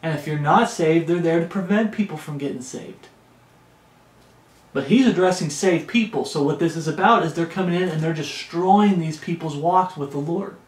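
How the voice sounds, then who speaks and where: A male pastor preaching a sermon and reading scripture aloud, talking emphatically and slowing down to stress key phrases. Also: a little high. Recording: echoey room.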